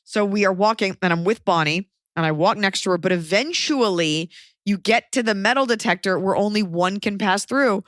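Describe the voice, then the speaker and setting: A woman's voice: medium pitch, normal speed, fairly bright tone, dry recording, clean studio sound. A young adult woman hosting a podcast, telling a story in casual chat and acting out the people she quotes. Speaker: podcast host.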